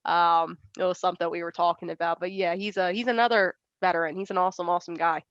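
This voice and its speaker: A woman's voice: fairly low pitch, fairly even intonation, quick pace, dry recording, muffled recording. A young woman in her twenties, an arm wrestler, chatting casually in an interview, laughing often and acting out quoted voices.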